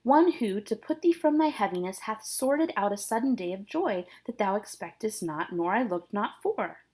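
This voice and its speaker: A woman reading the part of a stern, cold noble mother, speaking in a measured, formal way. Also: medium pitch, animated, darkish tone, breathy edge. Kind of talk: dramatic reading of a play.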